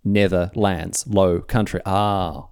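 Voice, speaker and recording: A man co-hosting a podcast in casual chat, with quick, playful, self-deprecating banter. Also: deep voice, fairly even intonation, darkish tone, smooth, no room sound, clean studio sound. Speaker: podcast co-host.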